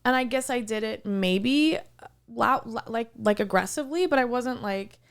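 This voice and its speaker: A woman's voice: fairly high pitch, moderate pace, creaky, clean tone. A woman co-hosting a podcast, chatting casually and acting out the people in her story. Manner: animated storyteller, acts out quoted voices. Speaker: podcast co-host. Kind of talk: casual chat.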